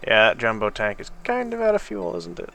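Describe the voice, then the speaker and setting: A man's voice: high voice, sing-song, fairly quick, gravelly, a bit bright. A sleepy man casually commenting on his gameplay, thinking aloud at a drifting pace. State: sleepy, yawning. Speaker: gameplay video host.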